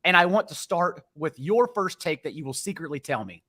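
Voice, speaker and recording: Bright-voiced man hosting a podcast. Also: on the high side, expressive, fairly quick. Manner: playful, jokey banter. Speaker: host. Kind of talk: casual fantasy football podcast chat.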